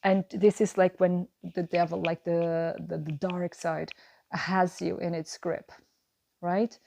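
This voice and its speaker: A woman's voice: fairly low pitch, level tone, takes it slowly, gravelly, mellow, slight background noise. A woman giving an earnest, reassuring tarot reading to camera, musing and repeating her phrases as she goes. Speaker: tarot card reader.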